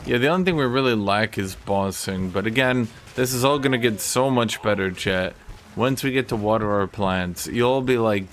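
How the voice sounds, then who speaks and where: A man's voice: on the low side, normal speed, slight background noise. A man streaming a game, chatting jokily with his viewers as he plays. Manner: joking, chatty, talks to chat. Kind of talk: casual gameplay commentary.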